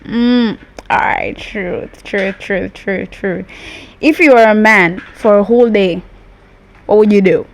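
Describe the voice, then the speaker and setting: A young woman hosting a casual chat, giggly and quick when nervous. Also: medium pitch. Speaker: host.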